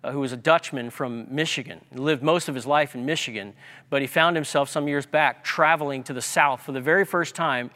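A man's voice: mid-range voice, brisk, sharp tone. A man preaching a sermon as pastor, emphatic and repeating key words for effect. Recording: long hall reverb.

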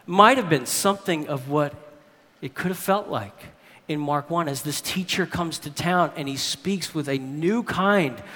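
A male preacher giving a sermon, emphatic and jumping up in pitch to stress key words. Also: measured pace, bright, forceful tone. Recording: long hall reverb.

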